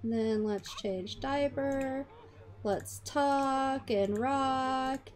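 A woman's voice: high-pitched, drawn-out words, darkish tone. A woman hosting a gaming channel, chatting casually to her characters as she plays. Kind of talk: casual life-sim gameplay commentary.

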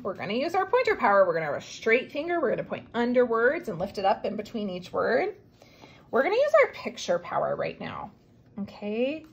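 A woman teaches young children to read in a remote lesson. Her voice sits a little high and swings widely in pitch as she encourages them. She stretches out each sound when she reads words aloud. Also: a bit bright, slightly rough.

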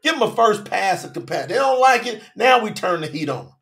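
High, bright-voiced preacher man. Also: very animated, fairly quick. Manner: emphatic, questions the congregation directly, colloquial. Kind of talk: sermon.

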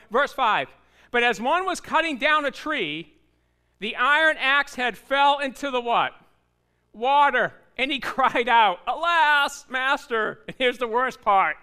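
A man preaching in a church with a high, bright, clear voice. He tells his story with playful voiced asides and keeps tossing rhetorical questions at the congregation. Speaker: pastor. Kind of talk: sermon. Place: church sanctuary.

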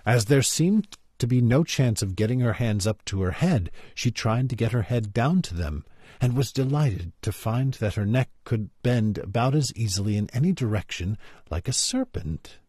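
A man reading a children's classic aloud in an expressive, storytelling way. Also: medium pitch, normal speed, husky, dry recording, studio quality.

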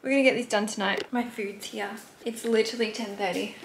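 A woman's voice: mid-range voice, fairly even intonation, a little fast, vocal fry, slight background noise. A young Australian woman talking frankly and casually to camera in a vlog, swearing freely. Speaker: vlogger.

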